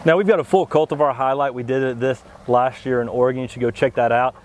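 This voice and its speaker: A man co-hosting a plant show, explaining tree varieties in a steady, knowledgeable way. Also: medium pitch, fast. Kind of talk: informative product talk.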